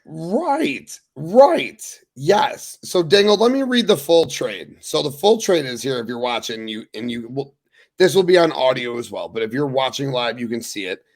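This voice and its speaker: A young man hosting a sports podcast, talking loosely and excitedly, with swearing. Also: mid-range voice, normal speed. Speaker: podcast host. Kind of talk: casual sports talk.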